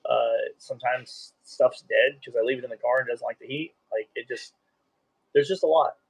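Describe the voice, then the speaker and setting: A man who is a live streamer, rambling in a casual interview and getting animated when excited. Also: medium pitch, normal speed, breathy edge.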